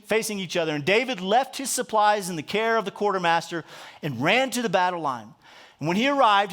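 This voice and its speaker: Male pastor, conversational sermon storytelling, high voice. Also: fairly bright tone. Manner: conversational storytelling with frequent restarts.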